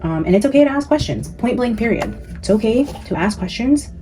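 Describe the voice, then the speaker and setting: A woman's voice: fairly high pitch, animated, a little fast, over music. A woman hosting her psychic channel, venting to her viewers in casual, profane commentary, full of "like" and "guys". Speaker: psychic vlogger, channel host.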